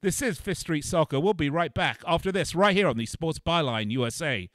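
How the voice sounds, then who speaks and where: A man hosting a sports betting radio show, upbeat and boastful, with a salesy pitch. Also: lively intonation, a little fast, fairly bright tone, no room sound, studio quality.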